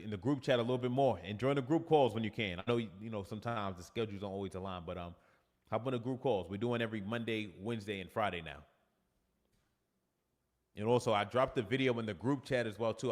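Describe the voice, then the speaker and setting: A man's voice: on the low side, big-room sound. A man with a New York accent, a fitness coach chatting casually on a livestream and reading viewer comments aloud.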